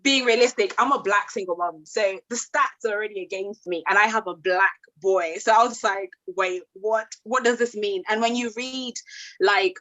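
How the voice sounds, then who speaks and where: A British woman hosting a casual discussion, telling her story in an earnest, animated way. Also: medium pitch, moderate pace, low-quality recording. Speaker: host.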